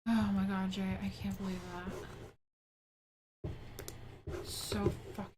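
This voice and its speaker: A woman's voice: mid-range voice, completely flat delivery, takes it slowly, background noise. A woman in her thirties hosting a live stream from her home office, chatting casually and ranting bluntly with plenty of swearing.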